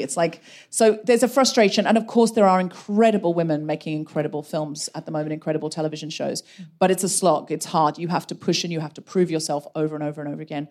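Woman, podcast host, witty and emphatic, live stage, quick delivery. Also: sits low, fairly even intonation, a little mellow. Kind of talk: live comedy podcast hosting. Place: live venue before an audience.

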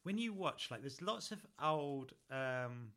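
Bright-voiced chatty man. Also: medium pitch, lively intonation, takes it slowly. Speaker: podcast co-host. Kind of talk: casual chat.

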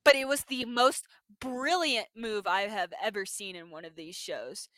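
A young adult woman hosting a podcast, recapping a TV episode in casual chat and acting out the characters with lively energy. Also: mid-range voice, a little hiss or hum. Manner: animated, acts out characters' lines in quick bursts. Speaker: podcast host.

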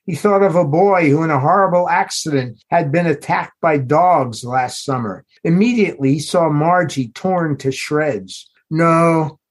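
A man, the author, reading aloud from his novel in a measured, unhurried storytelling manner. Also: a little high. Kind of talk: literary reading.

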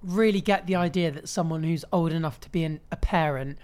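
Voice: medium pitch, a little fast, darkish tone. A podcast guest chatting casually, bemused and chatty. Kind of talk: casual chat.

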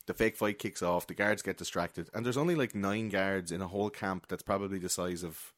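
A man's voice: deep voice, fairly quick, no room sound, clean studio sound. A man casually retelling a film plot, acting out the characters and adding sound effects as he goes. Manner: animated storyteller, acts out characters with sound effects; swears casually. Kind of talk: casual podcast chat recapping a film.

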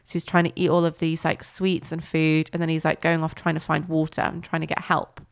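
A woman's voice: sits low, creaky, smooth, dry recording, studio quality. A woman co-hosting a podcast, animatedly retelling a TV episode. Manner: animated storytelling, quick reactions. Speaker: podcast co-host. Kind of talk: casual chat recapping a TV episode.

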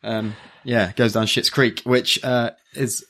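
A man's voice: medium pitch, fairly even intonation, slow, a bit bright. A man co-hosting a casual podcast, retelling a story in a rambling, hesitant way with many fillers and restarts. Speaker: podcast co-host. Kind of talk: casual chat recapping an anime.

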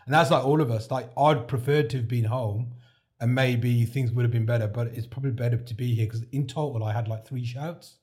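A heart transplant recipient appears as a podcast guest, his mid-range voice fairly even in intonation, fairly quick, and a little mellow. He tells his story casually and chattily, acting out the words other people said to him.

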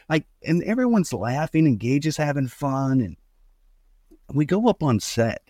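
A middle-aged man casually telling a story about his son, acting out the quotes with big pitch jumps. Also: a little mellow, dry recording.

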